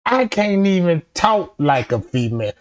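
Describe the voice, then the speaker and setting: A man's voice: high-pitched, sing-song, moderate pace. A man in a casual comedic rant, profane and rambling, jumping into quoted voices, on a dull lo-fi recording.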